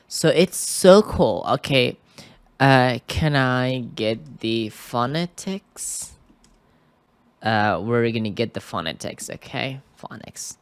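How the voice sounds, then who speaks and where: A man's voice: mid-range voice, expressive, slow pace, smooth, no echo. A man teaching English in a screen-recorded tutorial, talking hesitantly and often checking in with the listener. He records indoors at a computer microphone. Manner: hesitant, keeps checking in with "okay?".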